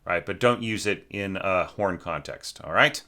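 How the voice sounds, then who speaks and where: This is an informal critique of a student's orchestration work, delivered by a man whose deep voice has a sharp edge and a slightly slow pace. He keeps it conversational, frequently backing up mid-sentence and singing passages to illustrate.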